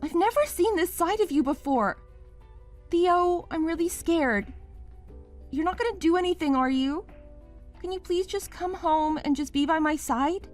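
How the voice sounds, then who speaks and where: A woman's voice: very high voice, lively intonation, unhurried, soft background music. A woman playing a young wife in a dramatized story, pleading and then accusing her partner.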